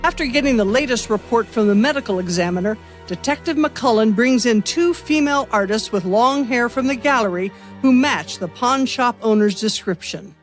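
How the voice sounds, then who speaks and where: A woman hosting a podcast, giving measured scripted narration for a radio-theater mystery. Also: on the high side, faint music behind.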